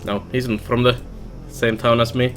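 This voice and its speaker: A man's voice: level tone, normal speed, a bit bright, faint music behind. A Finnish man with a Finnish accent, chatting casually while streaming a game. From Finland. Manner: musing, low-key chat while playing. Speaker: let's play streamer. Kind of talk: casual gameplay commentary.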